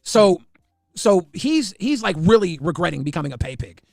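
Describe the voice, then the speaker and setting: A man telling a story in a casual way, fast and full of repeated restarts. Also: sits high, very animated, creaky, darkish tone, no room sound, studio quality, faint music behind. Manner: rapid, repetitive restarts. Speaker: guest recounting drama.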